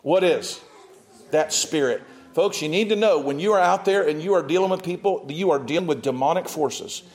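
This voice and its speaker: A man preaching a sermon, reading scripture and breaking into animated asides to his congregation. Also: fairly high pitch, normal speed.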